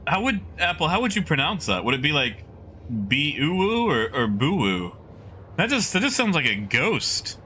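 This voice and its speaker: A man's voice: on the high side, sing-song, a little fast, few pauses, bright, forceful tone, a little hiss or hum. A man streaming a game live, chatting casually and rambling as he muses aloud to his chat.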